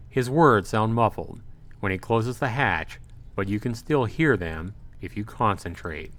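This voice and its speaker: A man's voice: fairly low pitch, lively intonation, unhurried, a bit bright. A man streaming a visual novel, reading the narration aloud with frequent fillers and self-corrections. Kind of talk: let's-play narration.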